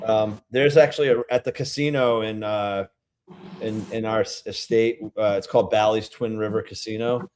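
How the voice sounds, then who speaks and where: A man's voice: fairly low pitch, fairly even intonation, normal speed, darkish tone, slight background noise. Chatty Rhode Island man hosting. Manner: chatty, rambling with many fillers and restarts. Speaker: beer-tasting livestream host. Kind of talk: casual livestream chat.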